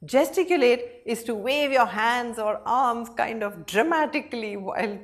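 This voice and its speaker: Lively woman teaching vocabulary. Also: on the high side, measured pace. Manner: lively, animated explaining with hand gestures. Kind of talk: vocabulary lesson.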